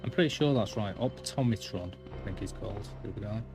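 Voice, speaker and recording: A man's voice: on the low side, a little fast, over music. A man casually chatting to his viewers while streaming a game, chatty and self-deprecating. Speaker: gaming streamer. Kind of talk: casual live-stream commentary.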